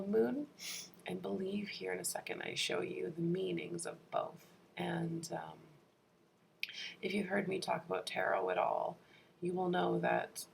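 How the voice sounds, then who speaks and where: Woman vlogger, sick and gravelly, chatty voice-over, faint hiss behind. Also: fairly low pitch. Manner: chatty, laughs often, many fillers. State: sick, husky voice. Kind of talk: casual vlog voice-over.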